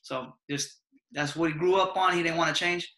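Chatting casually on his podcast, a young male host spins slang-filled stories and laughs frequently in a relaxed manner. He has a fairly high, sharp voice with fairly even intonation at normal speed, in a roomy-sounding recording.

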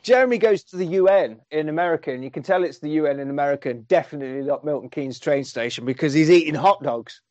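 Male co-host, slightly higher voice, rambling comic recap, dry dull lo-fi sound. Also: fast, few pauses, darkish tone, no echo. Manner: swearing, rambling storyteller who acts out quotes. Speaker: podcast co-host. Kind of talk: casual comedic film recap.

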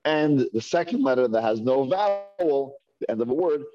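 A man's voice: medium pitch, animated, moderate pace, dark tone, dull audio. A man teaching a Hebrew reading class, patiently sounding out syllables one by one for his students. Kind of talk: classroom lesson. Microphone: earpiece mic.

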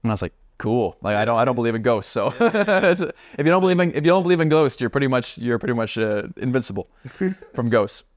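A man tells a story as a podcast guest in a loose, animated way, stacking up asides as he goes. His voice sits at a middle pitch. It is recorded dry and close, with no room around it. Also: fast talker, no echo. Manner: animated, chatty, lots of fillers and asides. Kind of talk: casual storytelling.

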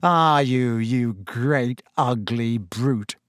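A man voicing an arrogant, cowardly schoolboy who speaks in a slow, sneering drawl. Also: dry recording, studio quality, close to an everyday voice. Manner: slow drawl, high shrieks when hurt.

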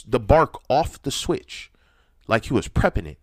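A man hosting his own podcast, telling personal stories in a ranty, profane, animated way that gets loud when he is excited. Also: medium pitch, measured pace, no room sound, clean studio sound. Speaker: podcast host. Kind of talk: ranty personal storytelling monologue.

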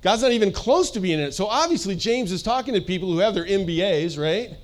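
A man delivers a relaxed, joking sermon. His voice sits high for a man. He talks in a loose, chatty way with lots of quick asides. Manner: chatty, playful, lots of "like" and "you know". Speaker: pastor.

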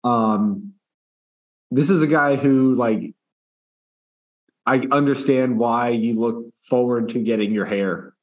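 A man's voice: mid-range voice, takes it slowly, pauses often. A man co-hosting a podcast in casual chat, speaking thoughtfully and rambling with frequent restarts. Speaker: podcast co-host.

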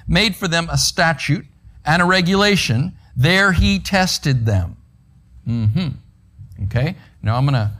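A man's voice: a little high, fairly bright tone. A man preaching a conversational sermon in a church, asking the congregation rhetorical questions. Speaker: pastor. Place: church sanctuary.

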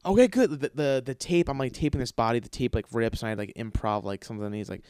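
A man hosts his show with a loose, rambling storytelling style, swearing freely and tripping over fillers as he acts out bits of dialogue. His voice sits at an ordinary middle pitch and is recorded close and dry, with no room sound around it. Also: fast talker, a little mellow, clear, resonant tone, no room sound. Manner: profane, rambling, filler-heavy. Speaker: podcast host. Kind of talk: casual storytelling monologue.

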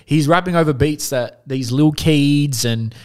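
A man's voice: on the high side, a little slow, a little mellow, clear, resonant tone. A young man, chatting bluntly and casually with slang and swearing. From Australia. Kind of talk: casual podcast chat.

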